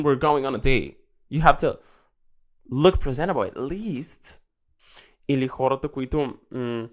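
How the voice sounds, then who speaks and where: A man's voice: mid-range voice, fairly bright tone. A young man, hosting a podcast in sassy, dramatic casual chat. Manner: sassy, dramatic, switching between English and Bulgarian. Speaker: podcast host.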